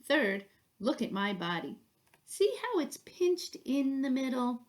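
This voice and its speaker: A woman's voice: high voice, very animated, takes it slowly, pitched above the performer's own voice, full character voice. A woman reading a storybook, voicing a sleepy, blunt butterfly who explains things patiently. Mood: explaining.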